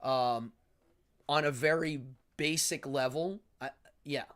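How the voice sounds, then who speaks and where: This is a man with an English accent hosting a casual livestream monologue from home. His voice sits slightly high, and he rambles enthusiastically with frequent ums. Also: slow, a bit bright. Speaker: livestream host.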